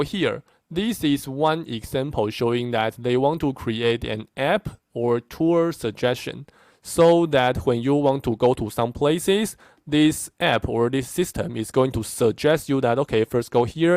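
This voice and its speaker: A man's voice: medium pitch, measured pace, darkish tone, dry recording. Emphatic male lecturer. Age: middle-aged. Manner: emphatic, repeats points with frequent "okay?". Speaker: university lecturer. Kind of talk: classroom lecture.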